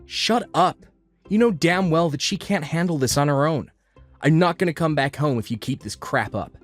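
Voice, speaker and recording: A woman voicing a young husband who speaks in a deep, firm voice. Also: measured pace, a little mellow, breathy edge, faint music behind, full character voice. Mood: angry. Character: protective young husband, low and stern.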